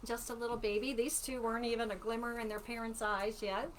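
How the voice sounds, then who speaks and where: Animated woman in her sixties. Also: fairly high pitch, fairly quick, slight background noise. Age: 60s. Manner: chatty and animated, warm with viewers. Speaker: author hosting a live book launch. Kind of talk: casual storytelling on a livestream. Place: at home.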